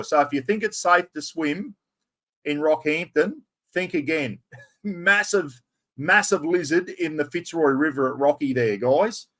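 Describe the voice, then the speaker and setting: A man's voice: on the high side, a bit bright. An Australian man hosting a casual live stream, rambling, laughing and greeting viewers by name. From Queensland, Australia. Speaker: livestream host.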